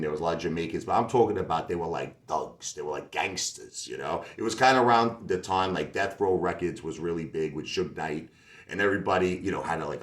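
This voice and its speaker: Deep-voiced man telling a rambling story. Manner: rambling, full of "like" and asides. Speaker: singer-songwriter. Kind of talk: casual storytelling monologue. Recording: roomy echo with faint music behind.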